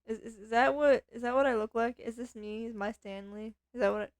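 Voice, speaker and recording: A woman's voice: fairly high pitch, steady tone, a little fast, no room sound, studio quality. A woman streamer chatting playfully to her viewers while she plays a game. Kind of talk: casual game commentary.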